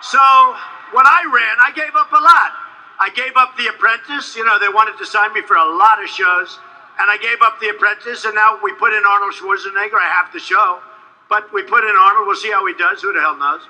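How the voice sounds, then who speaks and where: High, bright-voiced man at a rally. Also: fairly even intonation, brisk, low-quality recording. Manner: rambling, repetitive, boastful; shouts at times to a crowd. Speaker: political candidate. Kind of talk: campaign rally speech.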